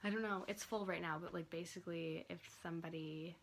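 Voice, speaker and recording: A woman's voice: lowish voice, fairly even intonation, a little fast, vocal fry, a little hiss or hum. A young woman chatting casually to her phone camera from her bed, rambling and drifting off topic, chewing gum as she talks. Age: young adult. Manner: chewing gum while talking. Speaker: vlogger. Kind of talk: casual chat. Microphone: handheld phone camera.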